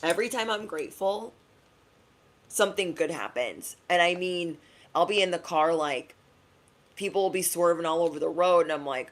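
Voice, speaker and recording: A young woman giving a casual spiritual pep talk to her viewers, chatty and slangy, acting out quick asides. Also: low voice. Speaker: spiritual reader.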